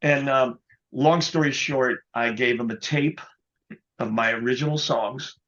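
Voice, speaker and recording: A man being interviewed as a guest musician, telling an anecdote in a casual, animated way, often adding "you know". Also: mid-range voice, unhurried, muffled recording. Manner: animated anecdote teller, quotes others, many "you know"s.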